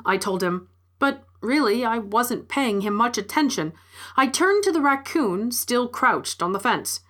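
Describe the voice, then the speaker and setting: A woman's voice: mid-range voice, expressive, moderate pace, fairly bright tone. A woman reading a first-person story aloud in a wry, scripted narration.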